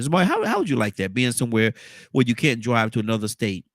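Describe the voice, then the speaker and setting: A man's voice: mid-range voice, wildly swooping pitch, fast, no echo. Male host, chatty, repeats himself, dry close-mic sound. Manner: repetitive, upbeat greetings, stumbling restarts. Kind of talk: casual morning show chat.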